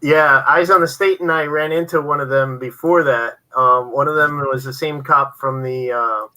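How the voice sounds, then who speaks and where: A man's voice: medium pitch, fairly even intonation, normal speed, bright, forceful tone, poor audio. A man co-hosting a casual livestream chat, joking and laughing often as he teases the others. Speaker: livestream co-host.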